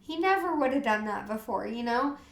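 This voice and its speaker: A woman's voice: on the high side, animated, brisk, creaky, reverberant. A woman from the USA telling her personal story as an interview guest, earnest and tearful, repeating phrases and saying "you know" often. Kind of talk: emotional personal testimony.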